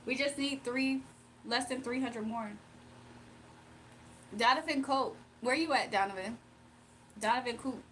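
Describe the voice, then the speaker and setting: A young woman from Virginia hosting a casual livestream, reading comments aloud, emotional and quick to laugh. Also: a little high, fairly bright tone, slight background noise. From Virginia, USA. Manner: emotional, giggly, talks to chat. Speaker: livestream host.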